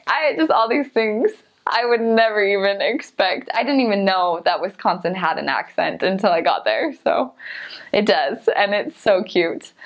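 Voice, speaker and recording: A young woman chatting casually about places she has lived, giggling often and filling her talk with "like". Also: mid-range voice. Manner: chatty, giggly, many "like" fillers. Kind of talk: casual storytelling. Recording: slightly dull lo-fi sound.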